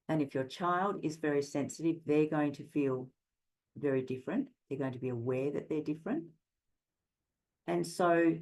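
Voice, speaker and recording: A woman's voice: deep voice, a little mellow, low-quality recording. A middle-aged woman giving an earnest, conversational parenting talk, often restarting her sentences. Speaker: parenting educator. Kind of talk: presentation talk.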